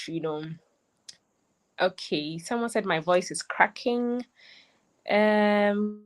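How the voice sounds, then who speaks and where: A woman, a lead coach, hosting an online graduation ceremony on a livestream, chatty and excited, often repeating herself. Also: medium pitch, slow, long pauses, smooth. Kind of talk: live-streamed ceremony hosting.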